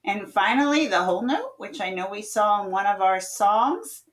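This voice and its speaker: A woman's voice: medium pitch, animated, normal speed. A woman music teacher giving an online classroom lesson, patiently explaining note values and chanting rhythm syllables for her students to echo. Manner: sings out rhythms, playful game calls.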